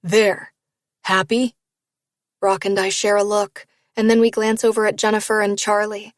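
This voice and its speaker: A woman narrating a first-person romance novel in a steady storytelling read. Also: medium pitch, fairly quick, dry recording, studio quality. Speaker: audiobook narrator.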